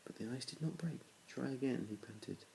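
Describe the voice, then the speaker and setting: This is a rough recording, with a little hiss or hum, of a father reading a storybook aloud to his children. His medium-pitched voice is creaky, a little mellow, expressive and fairly quick. Still, the reading stays plain, with small restarts and little change from one character to the next.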